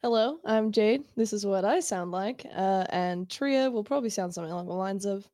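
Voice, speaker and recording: A woman's voice: mid-range voice, a little fast, hardly any pauses, dark tone, dry recording, studio quality. A woman with a New Zealand accent, briefly introducing herself as a player.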